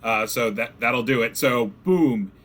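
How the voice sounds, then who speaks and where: A man's voice: medium pitch, unhurried. A man narrating a tabletop game as game master, casual and chatty, over voice chat. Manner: casual, chatty, acts out goblin shouts.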